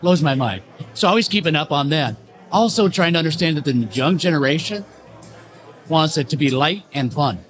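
A middle-aged man and barbering educator telling stories in a straightforward, animated way on a panel. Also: on the high side, normal speed. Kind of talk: panel discussion. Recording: music and crowd behind.

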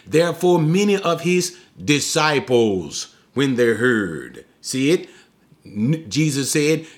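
A man's voice: a little high, fairly bright tone. A man teaching the Bible verse by verse in a preachy call-and-response way, often asking "what?".

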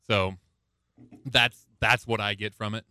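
Bright-voiced man with a slight lisp. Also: lowish voice, steady tone, measured pace, no echo. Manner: hesitant, repeats words when starting. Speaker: podcast host. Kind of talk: casual chat.

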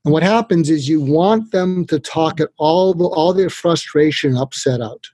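An older man, a guest expert, giving communication advice in a lively conversational way, acting out quotes as he goes. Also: on the high side, moderate pace, husky, no room sound. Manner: animated, tells tips with acted-out quotes. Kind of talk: conversational interview.

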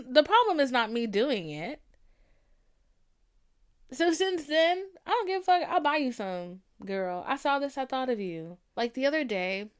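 A young woman hosting a podcast, talking candidly and emotionally, dropping to soft murmurs and rising to loud emphasis, with casual swearing. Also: a little high, clean tone. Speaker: podcast host. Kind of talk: candid personal talk.

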